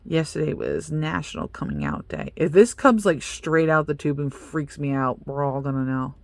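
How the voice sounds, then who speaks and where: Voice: mid-range voice, very animated, moderate pace, creaky, a little mellow, no echo. A young adult beauty vlogger in casual unboxing chat, chatty and playful, joking about themself and talking straight to the products. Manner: self-mocking.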